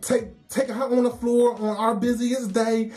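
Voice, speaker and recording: A woman's voice: a little high, flat delivery, unhurried, dark tone. A woman, telling a casual work story, laughing often and acting out the voices of the people she quotes.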